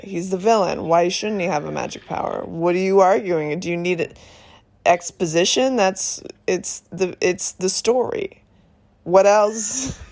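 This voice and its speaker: A woman in her thirties reviewing a film in a phone voice memo, talking in an excited, rambling way and swearing often. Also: mid-range voice. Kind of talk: casual voice memo rant.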